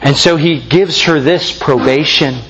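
Guy preaching a sermon, pretty high voice, earnest, leans hard on key words. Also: a bit bright, husky, lo-fi sound. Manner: earnest, emphatic preaching with slow stressed phrases. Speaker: pastor.

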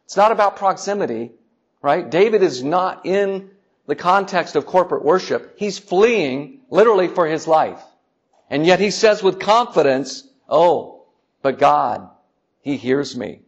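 A man preaching a sermon in a church, earnest, repeating words and dropping softly for emphasis. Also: high voice, animated, moderate pace. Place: church sanctuary. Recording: dull lo-fi church sermon recording.

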